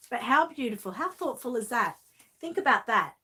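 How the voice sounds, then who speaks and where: An Australian woman hosting a live stream, opening a gift box and talking warmly and emotionally to her viewers in casual chat. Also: on the high side, animated, normal speed, husky. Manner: gushing, emotional, talks to viewers. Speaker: channel host unboxing a gift.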